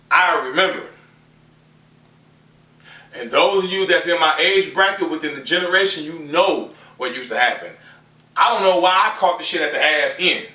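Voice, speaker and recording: Male stand-up comic, slangy and profane, lively, fairly high voice, echoey live room. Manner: loud squealing voices when acting out scenes. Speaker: stand-up comedian. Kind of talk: stand-up comedy set. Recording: roomy live venue, distant from mic.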